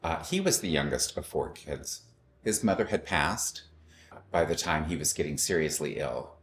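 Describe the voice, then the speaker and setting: A middle-aged man with a notably deep, low-pitched voice shares a personal story. He tells it with wry humor and animation, slipping into the voices of the people he describes. A faint background noise sits under his voice. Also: animated, moderate pace, fairly bright tone. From Los Angeles.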